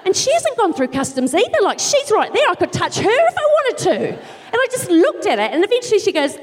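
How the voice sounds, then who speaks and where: A middle-aged New woman does stand-up on a theatre stage, her high voice swooping all over the place as she rants in exasperation and bursts into shouts. The sound carries a long hall reverb from the big room. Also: very animated, a little fast. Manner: exasperated ranting with sudden shouted outbursts. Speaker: co-host doing stand-up. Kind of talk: live stand-up comedy.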